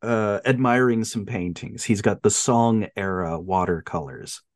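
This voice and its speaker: A man's voice: lowish voice, unhurried, no room sound, clean studio sound. A man co-hosting a podcast, chatting casually about a film and acting out the characters' lines as he retells the plot. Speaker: podcast co-host.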